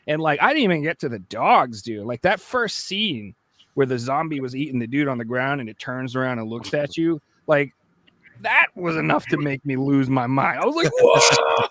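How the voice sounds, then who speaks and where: A man co-hosting a casual podcast chat, telling a story with lively acted-out quotes and sudden jumps up in pitch. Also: moderate pace, a little hiss or hum. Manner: animated storyteller, acts out his younger self with big jumps in pitch. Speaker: podcast co-host.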